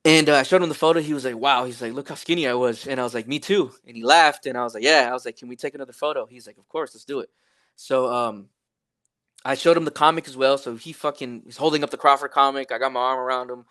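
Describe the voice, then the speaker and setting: A young man tells a backstage story in a loose, casual way, full of "uh," "whatever," and cursing. His voice sits at an ordinary pitch and is recorded dry and close, with no room sound. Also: fast, dry recording. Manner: laid-back, profane, many fillers, animated retelling. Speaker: podcast guest, rapper.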